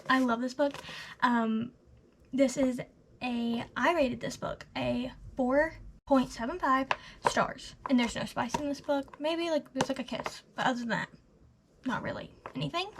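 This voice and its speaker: A young woman of eighteen chats through her monthly book review with a high, light voice. She gushes in a casual, rambling way, leaning on "literally" and "like". Her words often fade into soft, breathy half-whispers. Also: background noise. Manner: gushing and chatty, full of "literally" and "like", trailing into soft half-whispers. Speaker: book vlogger.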